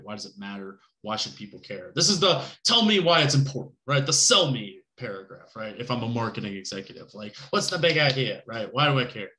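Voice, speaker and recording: Recorded in a reverberant space, this class lecture features a man whose mid-range voice sounds pushed and bright. The college instructor speaks casually, peppering his teaching with fillers, "right?" checks and jokes.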